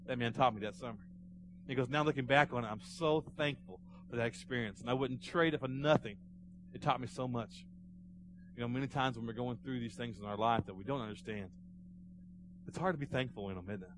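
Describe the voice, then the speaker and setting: A pastor delivering a Sunday sermon in a church, telling a story with rising fervor and then dropping to a hushed close. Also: male voice, mid-range voice, noisy background. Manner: storytelling, swelling to fervent emphasis then hushed prayer. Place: church sanctuary.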